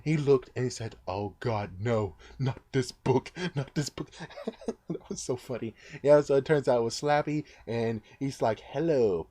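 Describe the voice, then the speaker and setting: Rambling man with a mellow low voice. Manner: excitable, rambling, mild swearing. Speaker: book reviewer. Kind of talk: casual rambling review.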